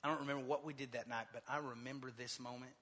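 A man preaching in a church sanctuary, his bright, forceful tone ringing through a long hall reverb. He tells a personal story in a hushed, confiding voice, then builds into fervent exhortation. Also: medium pitch, steady tone, quick pace. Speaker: pastor. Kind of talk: sermon.

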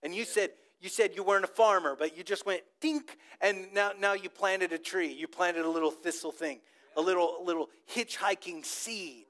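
A man's voice: high voice, moderate pace, a bit bright. A man preaching a sermon to a congregation, telling stories with animation and asking the crowd to repeat words back. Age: adult with a child old enough to talk. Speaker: pastor.

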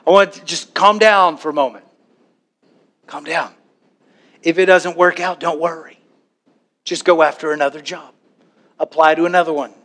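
Guy with a high voice preaching, lively, jumps into fretful little voices. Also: moderate pace, pauses often. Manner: animated preaching with acted worried voices. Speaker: pastor. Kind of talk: sermon.

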